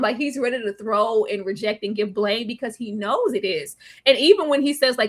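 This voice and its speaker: A woman's voice: a little high, normal speed, few pauses, a bit bright. A woman hosting a live discussion of a TV episode, laughing often and acting out the characters' lines. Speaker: host.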